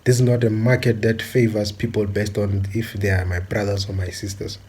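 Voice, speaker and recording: A man from South Africa delivering a forceful, repetitive monologue with many filler pauses. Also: lowish voice, flat delivery, slightly rough. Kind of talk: impassioned monologue.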